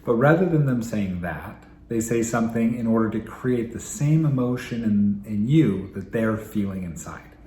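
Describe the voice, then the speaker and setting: Calm man in a roomy echo. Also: lowish voice, normal speed, hardly any pauses, a little hiss or hum. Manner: calm, explanatory, repeats key phrases. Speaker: child and family therapist. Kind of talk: advice talk to camera. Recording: roomy echo, faint ambience.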